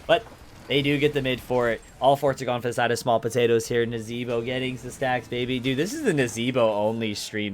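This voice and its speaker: An esports caster and streamer, a man with a medium-pitched voice, delivers energetic live play-by-play of a video game while chatting with viewers. At exciting moments his voice cracks upward.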